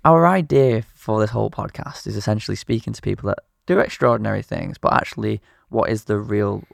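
A man's voice: lowish voice, a little fast, vocal fry, no echo, studio quality. A man hosting a podcast, interviewing his guest in laid-back, friendly banter. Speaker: podcast host. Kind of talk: casual interview chat.

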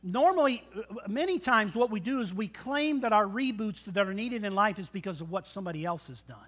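Guy preaching a sermon, high bright voice, keeps asking the crowd questions. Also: animated, a little fast. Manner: asks the congregation questions, folksy and earnest. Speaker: pastor.

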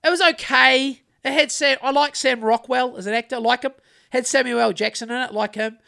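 A man's voice: very high voice, fairly even intonation, a little fast, gravelly, bright, forceful tone. A middle-aged man, hosting a podcast and telling rambling, sweary stories in a laid-back way. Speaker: podcast host. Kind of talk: casual chat.

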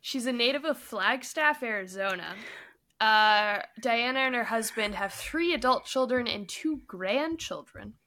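A woman's voice: on the high side, animated, unhurried, bright, forceful tone. A woman hosting a casual book-review podcast, reading background facts aloud and laughing often. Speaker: podcast host.

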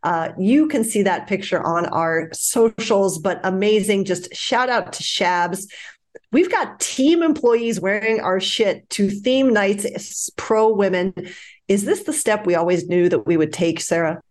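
A woman co-hosting a casual podcast, animated and quick to laugh while she chats and reads out news. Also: medium pitch. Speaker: podcast co-host.

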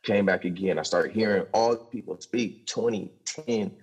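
Deep husky-voiced man, profane storyteller. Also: normal speed. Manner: profane, animated storyteller with short restarts. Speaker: podcast guest telling his recovery story. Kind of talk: candid storytelling.

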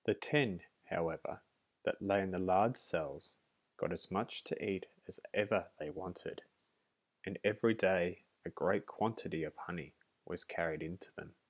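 A man reading a children's fairy tale aloud as narrator, measured and gentle. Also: deep voice. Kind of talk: storybook reading.

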